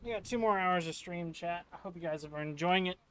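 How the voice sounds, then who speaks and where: A man streaming a video game, chatting casually to his viewers and getting loudly frustrated with the game. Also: sits high, fairly quick, a little hiss or hum. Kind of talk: casual gameplay commentary.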